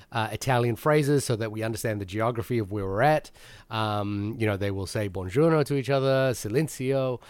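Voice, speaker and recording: This man's voice is mid-range, smooth, and darkish, recorded with no room sound. As a film podcast co-host in a casual discussion, he talks through his points at length, with plenty of restarts and fillers.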